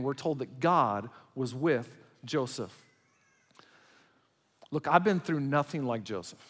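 A man preaching a sermon as pastor, swinging between loud emphatic passages and quiet, intimate ones. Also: mid-range voice, animated, a little slow, pauses often. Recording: long hall reverb.

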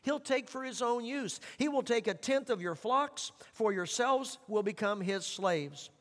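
A man preaching a sermon as pastor, earnest, slowing down to read scripture and repeating words for emphasis. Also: very high-pitched, lively intonation, fairly bright tone. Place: church sanctuary. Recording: long reverb of a church hall.

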